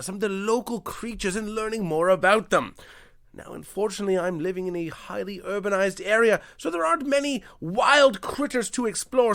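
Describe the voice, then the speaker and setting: A man's voice: sits high, fairly bright tone, pitched above the performer's own voice, exaggerated voice. A man putting on a botched fake British nature host. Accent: botched fake British-Australian. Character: bumbling man hosting a wildlife show in a fake British accent.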